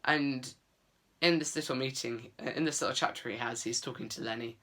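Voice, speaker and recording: A man's voice: mid-range voice, normal speed, bright, forceful tone. A man giving a casual, earnest book review vlog, chatty with many fillers.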